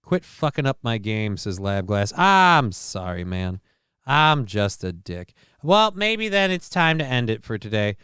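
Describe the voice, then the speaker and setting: A man's voice: lowish voice, sing-song, a little slow, fairly bright tone, smooth, dry recording, clean studio sound. A man hosting his own live-stream show, reading news items aloud and riffing on them in a profane, rambling way. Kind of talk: casual live-stream commentary.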